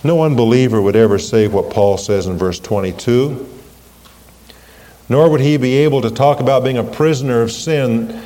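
A man preaching a sermon, earnest, slowing down and rising in pitch when he quotes scripture. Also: mellow, in a large hall. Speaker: pastor.

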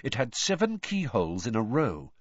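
A man's voice: medium pitch, moderate pace, dry recording, dull audio. A man reading a novel aloud as an audiobook narrator, telling it expressively. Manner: expressive storytelling. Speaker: audiobook reader. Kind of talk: scripted narration.

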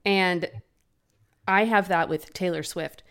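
A young woman with a lowish, smooth and resonant voice chats about a novel on her podcast. She laughs easily and slips into reading passages aloud in a casual, friendly way. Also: slow, fairly bright tone. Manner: giggly, recaps chapters and reads passages aloud. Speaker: podcast co-host. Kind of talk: casual book-club chat.

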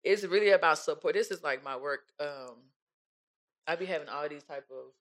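Young female co-host, relaxed and slangy, storytelling in a casual conversation. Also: sits low, normal speed. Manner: laid-back slangy storytelling, mimics relatives. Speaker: podcast co-host, pole dancer. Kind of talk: casual chat.

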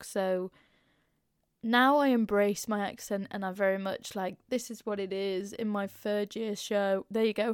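Woman, 20s, East Midlands Mansfield accent, candid, chatty, swears, mid pitch, dry close mic. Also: fairly even intonation, a little slow, clear, resonant tone, dry recording. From English Midlands (Mansfield). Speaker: podcast host. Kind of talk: casual chat.

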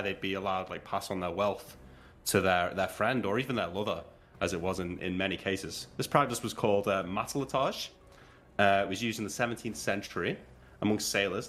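A man playing a tabletop game with friends, chatting casually, animated and laughing as he lectures playfully. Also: on the low side. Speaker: player.

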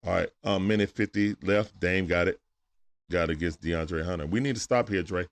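A man hosting a live stream from home, calling a game play-by-play in a casual, excitable way that swings from hushed asides to sudden shouts. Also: sits low, moderate pace. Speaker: stream host. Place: at home at night.

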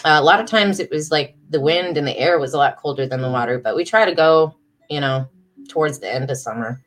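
Speaking from home on a livestream, this woman in her thirties chats casually with her audience and reads her own writing, including poetry, aloud with warmth. She has a deep voice, talks fairly quickly, and is emotional and talkative.

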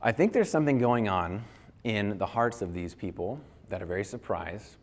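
A man's voice: on the low side, animated, normal speed. A middle-aged male pastor preaching a sermon in an earnest, conversational way, with restarts and fillers.

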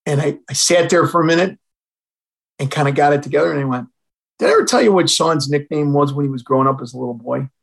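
A man's voice: fairly high pitch, fast, vocal fry, rough recording. An older man from Illinois, a retired fire chief, telling a personal story as a podcast guest and acting out the dialogue. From Illinois, USA. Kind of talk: storytelling in an interview.

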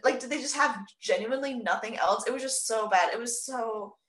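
A woman's voice: a little high, fairly quick, a bit bright. Exasperated woman in an echoey room. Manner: exasperated, swearing, filler-heavy. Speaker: podcast co-host. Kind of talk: casual chat.

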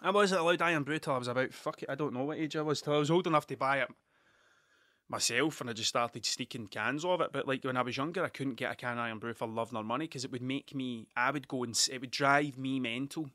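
A man's voice: mid-range voice, fast, sharp tone, dry recording, clean studio sound. A Scottish man in his thirties, telling stories in a casual, rambling way, often swearing and interrupting himself. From Scotland. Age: 30s. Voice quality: sweary, digressive, self-interrupting. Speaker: vlogger.

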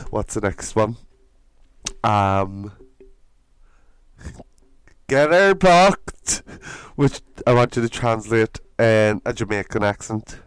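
Northern irish guy laughing a lot, smooth voice, dry close sound. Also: lowish voice, flat delivery, no room sound, poor audio. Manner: giggly, quick to laugh. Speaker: podcast guest, drag performer. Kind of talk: casual comedy chat.

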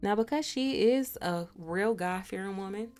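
A woman of middling pitch tells her story the way she'd tell a friend, animated and laughing as she goes. She cusses freely, and there's faint music tucked underneath. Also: moderate pace. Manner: animated, profane, laughs often. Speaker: podcast host. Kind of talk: casual storytelling.

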